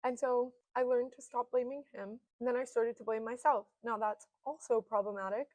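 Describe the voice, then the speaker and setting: A young woman in her twenties talks straight to the camera in a candid, heartfelt monologue, her voice a touch high and very dry, with the room barely there. She speaks earnestly and drops the odd casual swear, sometimes close to tears. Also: fairly even intonation, moderate pace, darkish tone, dry recording, low-quality recording. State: emotional, near tears at times. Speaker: self-help vlogger. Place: indoors, seated in front of a camera.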